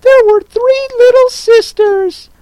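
A reader voicing a sleepy little dormouse that speaks in a hoarse, feeble, very high voice. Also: fairly even intonation, mellow, dry recording, rough recording. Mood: hurried. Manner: squeaky, hurried storytelling.

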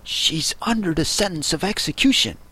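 A man voicing a timid, anxious male rabbit who speaks in a hushed, hurried, frightened tone. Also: high voice, very animated, slightly rough, pitched above the performer's own voice, heavily acted. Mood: nervous.

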